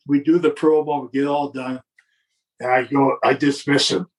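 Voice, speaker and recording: Far from the mic, an older man with a medium-pitched, flat voice speaks at a moderate pace. He's a guest recounting a long wrestling anecdote in casual storytelling, acting out quotes and chuckling now and then.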